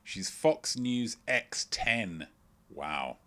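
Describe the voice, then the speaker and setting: A man's voice: on the low side, lively intonation, very slow, pushed and bright. A man hosting a live-streamed quiz from home, reading out chat messages with playful, rambling asides. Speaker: quiz host. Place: at home, indoors.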